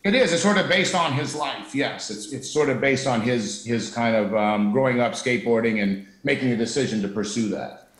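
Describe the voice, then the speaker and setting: A man's voice: medium pitch, moderate pace. A man in his fifties, an actor from the Chicago area, chatting as a talk show guest in a wry, rambling, self-interrupting way. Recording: roomy studio sound.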